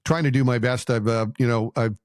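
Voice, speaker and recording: A man's voice: medium pitch, fairly even intonation, a little fast, clear, resonant tone, no echo, studio quality. An older retired man with a Canadian accent co-hosting a casual podcast, enthusiastic and rambling with fillers. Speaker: podcast co-host. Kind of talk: casual chat.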